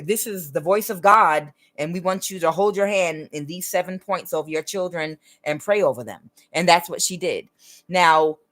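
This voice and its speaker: A woman hosting her own spiritual channel, talking earnestly and emphatically in a casual monologue. She keeps checking that the listener understands. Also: deep voice. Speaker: tarot reader and spiritual channel host.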